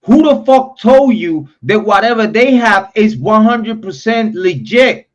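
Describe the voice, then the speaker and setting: A man's voice: sits high, animated, unhurried, dull audio. A young man hosting a true crime live stream, ranting in a heated, profane, repetitive way. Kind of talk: angry live-stream rant.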